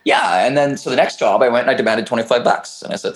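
A man's voice: medium pitch, animated, fast, soft background music, low-quality recording. A man, a podcast guest, telling a long personal story in casual chat, rambling with restarts, fillers and the odd swear word.

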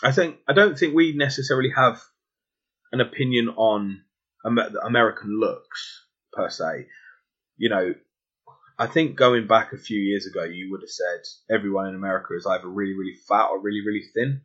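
An English man co-hosts a podcast in casual conversation, his lowish voice brisk, a bit bright and breathy, with the highs cut off. He talks in rambling stretches, chatty and jokey, interrupting and restarting himself.

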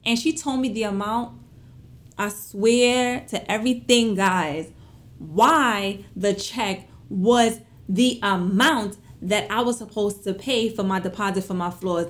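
A young woman telling viewers a personal story in an animated, chatty way, full of fillers and asides. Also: on the high side. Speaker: vlogger.

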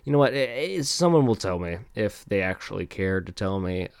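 Low-voiced man rambling solo. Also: expressive, moderate pace, vocal fry, clean tone, no echo, clean studio sound. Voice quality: rambling, self-deprecating, swears a lot. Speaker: podcast host. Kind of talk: casual solo podcast rambling. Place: home desk. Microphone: close desk mic.

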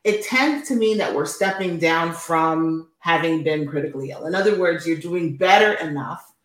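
Guest nurse, a middle-aged woman with a lowish voice, patient and explanatory, recorded in an echoey room. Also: moderate pace, a bit bright. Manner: patient, explains step by step with many fillers. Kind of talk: explanatory interview answers.

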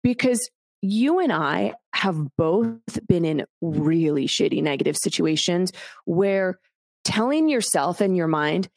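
A woman's voice: on the low side, lively intonation, slow pace, vocal fry, no room sound. A woman hosting a solo podcast, talking bluntly and candidly to the listener with casual swearing. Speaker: podcast host.

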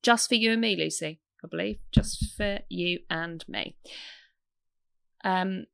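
Bright, chatty woman. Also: fairly low pitch, a little slow, gravelly, no echo, studio quality. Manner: chatty, enthusiastic, laughs often. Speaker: podcast co-host. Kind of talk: casual chat.

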